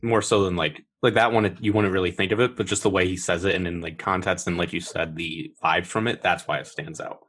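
A man's voice: low-pitched, steady tone, brisk, few pauses, a bit bright. A man co-hosting a podcast, chatting casually about a film with loose, filler-heavy talk. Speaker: podcast co-host.

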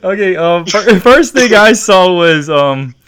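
A man co-hosting a casual podcast chat, relaxed and laughing often. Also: high-pitched, takes it slowly, clean tone. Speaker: podcast co-host.

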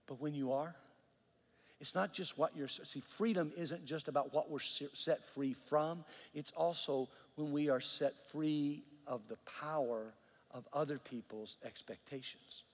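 A man preaching a sermon, telling a story with earnest, animated delivery and repeated words. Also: fairly high pitch, measured pace, big-room sound. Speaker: pastor.

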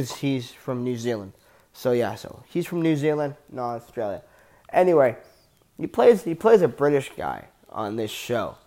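A man's voice: medium pitch, darkish tone. A man giving a casual, enthusiastic TV show review, rambling with frequent restarts and casual swearing.

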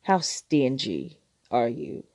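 Husky, warm-voiced woman giving frank advice. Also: very deep voice, big pitch swings, slow pace, no room sound. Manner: frank, teasing, emphatic. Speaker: relationship advice podcast host. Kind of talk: casual advice monologue.

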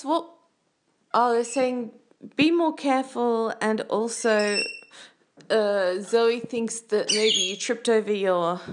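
A woman's voice: mid-range voice, background noise. A woman hosting a casual call-in voice-message show, chatty and playful, rambling between her callers. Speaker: host.

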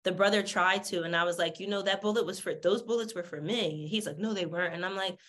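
A woman with a sassy, animated way of talking, a podcast guest telling her story candidly, swearing freely and acting out the people she quotes. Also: lowish voice, fast.

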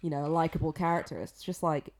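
A woman's voice: low-pitched, steady tone, quick pace, darkish tone. A young woman co-hosting a podcast, giving blunt, opinionated takes on a film and swearing casually. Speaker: podcast co-host. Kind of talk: casual film review chat.

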